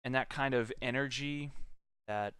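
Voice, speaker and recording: A man running a tabletop game as game master, talking casually in a halting way. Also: mid-range voice, a bit bright, clean tone, no room sound, clean studio sound. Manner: casual, halting, restarts often.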